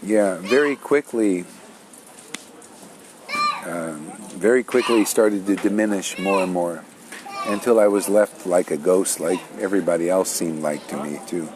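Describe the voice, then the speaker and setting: A man's voice: low-pitched, measured pace, noisy background. An older man, telling his spiritual story in a rambling, casual way with many restarts. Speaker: spiritual teacher.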